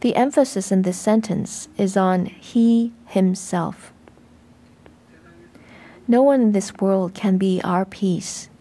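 A woman reading a translated sermon in a measured, even way. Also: medium pitch. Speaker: voice-over reader of a sermon.

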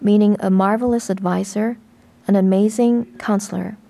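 A woman reading a translated sermon in a measured, even way. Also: medium pitch, creaky. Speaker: voice-over reader of a sermon.

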